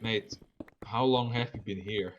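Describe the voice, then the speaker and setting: A man's voice: lowish voice, a little slow, dull audio, a little hiss or hum. A man chatting casually during a gaming stream, rambling and swearing constantly.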